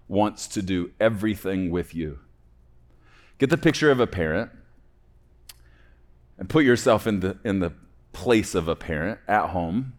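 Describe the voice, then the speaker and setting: Low-voiced preacher with surging, hushed swings. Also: male voice. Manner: swings from loud emphatic peaks to soft hushed endings. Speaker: pastor. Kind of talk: sermon.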